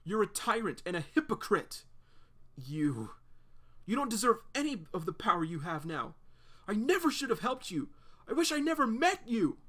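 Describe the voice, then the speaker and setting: A man's voice: high-pitched, expressive, normal speed, a bit bright, voice pushed up. A man voicing a brave, bitter teenage girl who scolds and accuses in a raised voice. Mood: defiant.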